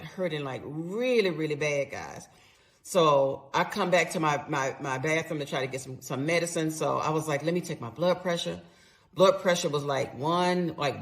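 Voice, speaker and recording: A middle-aged woman with a gravelly voice full of vocal fry. She tells her personal story candidly and conversationally and swears freely as she acts out what she said. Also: fairly low pitch, expressive, normal speed.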